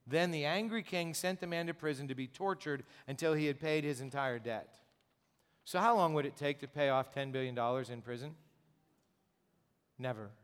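Pastor preaching in a reverberant church. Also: male voice, fairly high pitch, clear, resonant tone. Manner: conversational preaching, rhetorical questions, repeats words. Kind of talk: sermon. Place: church sanctuary.

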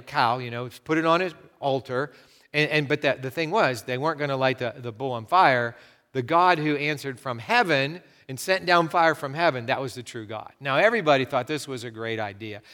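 A man preaching a sermon, telling stories with animated swings from loud to hushed. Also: fairly high pitch, clear, resonant tone, long reverb tail. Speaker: pastor.

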